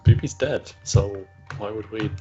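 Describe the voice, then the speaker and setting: A man's voice: on the low side, fairly even intonation, a little slow, warm tone, highs cut off, faint music behind. A man narrating as game master of a tabletop role-play, hesitant and full of fillers. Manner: hesitant, many fillers and restarts.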